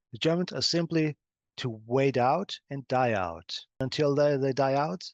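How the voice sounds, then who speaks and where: A man speaking as a client in a hypnosis session, measured and grave, often sinking to a low murmur. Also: no room sound. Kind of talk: speaking in trance, answering questions.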